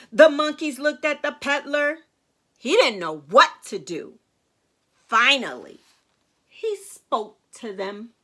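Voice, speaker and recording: A woman reads a children's picture book aloud, slow and unhurried. Her voice is high and bright and swoops up and down. She keeps turning to her young listeners with questions. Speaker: children's storyteller and teacher.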